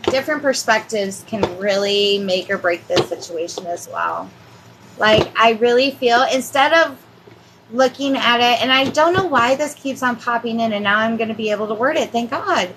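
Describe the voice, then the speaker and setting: A woman gives a live tarot reading in a soothing, reassuring way, wandering through her thoughts with plenty of fillers. Her voice sits a little high. Steady background ambience runs under the recording. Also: background noise. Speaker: tarot reader.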